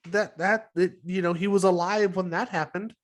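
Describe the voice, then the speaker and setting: A man's voice: high-pitched, fairly even intonation, brisk. A man co-hosting a podcast in casual, rambling chat, swearing freely. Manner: rambling, profane, chuckling. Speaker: podcast co-host.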